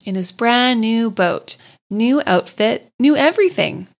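A woman doing a loud, bouncy otter. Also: a little high, animated, unhurried, vocal fry. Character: lively, gossipy male otter.

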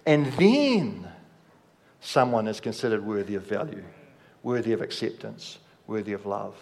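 A man preaching a sermon, slow and measured, letting his voice drop softly at the ends of phrases. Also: fairly low pitch, expressive, vocal fry. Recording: long hall reverb.

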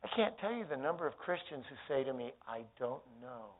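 A male pastor preaching a sermon, moving between booming emphasis and hushed, tender tones. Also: animated, fast talker. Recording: tinny phone-like sermon recording.

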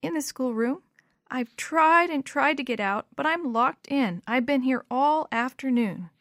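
A little orphan girl speaks in a small, high, pleading voice, timid and earnest, voiced by a woman reading a storybook. The sound is close and dry, with no room around it. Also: sing-song, normal speed, a bit bright, dry recording, full character voice.

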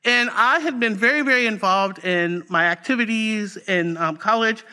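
A woman's voice: mid-range voice, normal speed. A woman pastor preaching a personal testimony in a conversational, storytelling way. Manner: conversational, animated storytelling with fillers.

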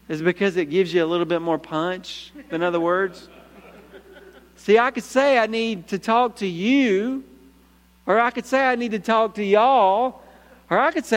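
High-voiced pastor preaching emphatically. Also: male voice. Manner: emphatic, calls out for "Amen?", swings between punchy lines and hushed low asides. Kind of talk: sermon. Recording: echoey hall reverb.

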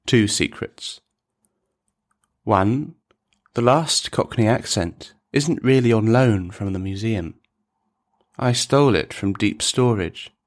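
A man narrating a dark comic story in a measured, deliberate, deadpan manner. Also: fairly low pitch.

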